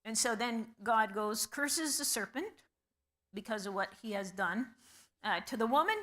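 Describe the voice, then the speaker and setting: A woman leads a conversational Bible study, posing questions to the class and pausing with frequent ums. Her fairly high voice is animated, pushed and bright.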